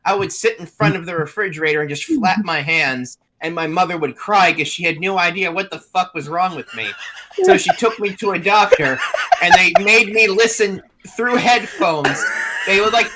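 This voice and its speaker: A man's voice: sits high, pushed and bright, a little hiss or hum. A drunk man calling in to a podcast, talking crudely and rambling in casual chat. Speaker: podcast caller.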